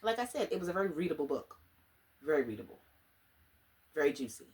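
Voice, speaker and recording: A woman chatting casually in a book review vlog, animated and slangy, dramatic and often laughing. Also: sits low, fast talker. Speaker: book vlogger.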